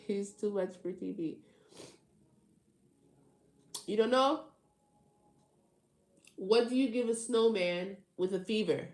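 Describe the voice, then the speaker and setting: A woman's voice: mid-range voice, takes it slowly, long pauses, a little mellow. A woman chats casually with her livestream viewers as a tarot reader, slangy and teasing, laughing often. She takes her time with each line. Her voice carries a roomy echo. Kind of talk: casual live chat with viewers.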